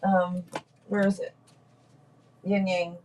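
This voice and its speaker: A woman's voice: lowish voice, level tone, slow pace, a little mellow, slight background noise. A woman hosting a casual livestream tarot reading, chatty, thinking aloud and laughing often. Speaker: tarot reader host.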